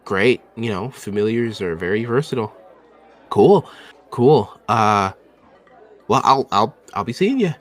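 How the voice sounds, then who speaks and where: A man's voice: lowish voice, lively intonation, unhurried, long pauses, some chatter behind. A man voicing an awkward, nervous young man who stammers and hesitates. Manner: stammering, hesitant, many fillers.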